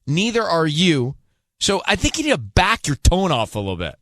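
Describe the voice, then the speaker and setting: A man's voice: on the high side, very animated, normal speed, fairly bright tone, no echo, clean studio sound. A man hosting a radio call-in segment, pressing a caller with incredulous questions. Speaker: radio host.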